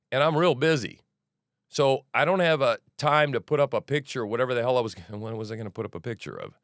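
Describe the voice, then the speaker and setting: A man's voice: mid-range voice, a bit bright, dry recording, studio quality. A middle-aged man hosting a podcast, rambling through news commentary with profanity, restarts and asides. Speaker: podcast host.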